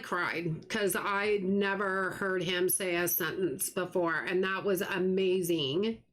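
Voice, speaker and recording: A middle-aged American woman hosting a live stream, chatting earnestly with viewers and often restarting her sentences. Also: medium pitch. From United States. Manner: earnest, talks fast when excited, trails off and restarts. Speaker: livestream gaming host. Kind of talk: casual chat with live viewers.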